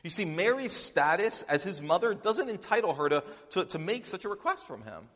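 A man's voice: sits high, sing-song, normal speed, a bit bright. Conversational preacher man in a reverberant hall. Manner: conversational storytelling with restarts. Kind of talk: sermon.

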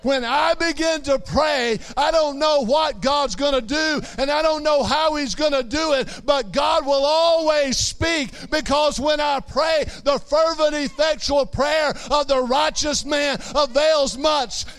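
A man preaching with a high, bright voice, shouting each phrase and repeating lines for emphasis. He speaks unhurriedly, leaning hard into every point of the sermon. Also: measured pace, few pauses.

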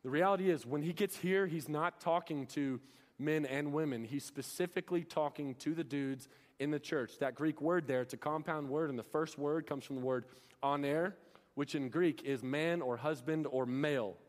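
A young male preacher delivering an earnest sermon, firing off rhetorical questions at his congregation. His voice sits a bit higher than most men's. It rings out through a church hall with a long reverb tail. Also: moderate pace.

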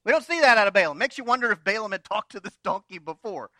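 A man preaching to his congregation, telling a story with joking asides. His voice is high and bright, recorded close and dry with no room around it. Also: animated, quick pace, dry recording. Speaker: pastor. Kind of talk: sermon.

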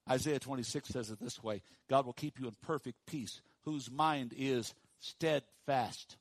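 A pastor preaching a sermon to his congregation, dropping to hushed, slow emphasis and rising to loud, high calls for the room to repeat after him. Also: dry recording. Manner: swings from hushed low emphasis to loud high call-and-response.

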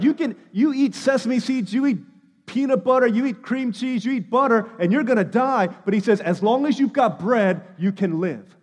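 High-voiced preacher in a reverberant hall. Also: male voice, moderate pace. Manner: conversational, emphatic preaching that swings between loud stress and hushed lows. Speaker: pastor. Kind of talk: sermon.

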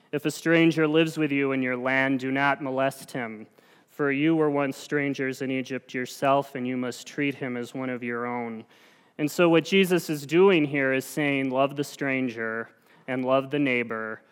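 A man's voice: medium pitch, clean tone. A man giving a sermon as a lay preacher, earnest and conversational, with a self-deprecating touch. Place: church sanctuary. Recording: long church reverb.

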